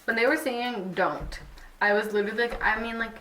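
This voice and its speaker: A young woman vlogger recounting a concert in casual chat, full of "like" and quick laughs. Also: on the high side, fairly bright tone, slight background noise. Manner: chatty, fillers of "like", giggly. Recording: echoey room, a bit far from mic.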